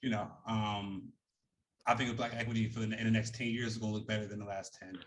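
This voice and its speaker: A man's voice: fairly low pitch, flat delivery, quick pace, crowd noise. A man co-hosting a casual discussion, earnest and emphatic, laughing often. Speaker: podcast co-host.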